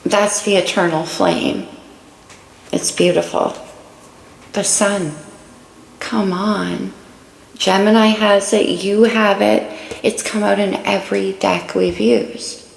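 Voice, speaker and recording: Tarot lady chatting thru cards, bit of vocal fry, roomy echo, faint hiss. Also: mid-range voice, steady tone, slow, pauses often. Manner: chatty, warm-hearted commentary on cards. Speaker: tarot reader. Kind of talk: casual tarot reading. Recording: echoey room, faint noise.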